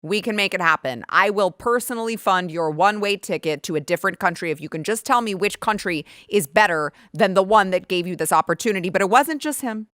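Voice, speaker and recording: A woman's voice: medium pitch, a little fast, few pauses, a bit bright, no echo. Sarcastic woman host, dry close sound. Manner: sarcastic and indignant, with frequent restarts. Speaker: political commentary host. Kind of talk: opinionated commentary.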